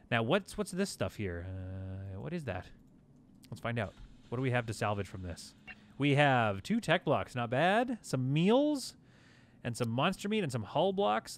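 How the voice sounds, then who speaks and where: A man giving chatty, excitable let's-play commentary while playing a space game, laughing often, with game music behind. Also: medium pitch. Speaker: gaming YouTuber.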